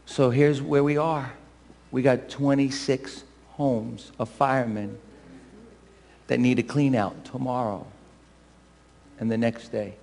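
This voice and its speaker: A man's voice: medium pitch, fairly even intonation, slow, vocal fry, pauses often, a little mellow, big-room sound. A man, the pastor, addressing his congregation with emphatic, repetitive calls to serve. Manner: preacherly, building to emphatic repeated calls. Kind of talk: church service address. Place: church sanctuary.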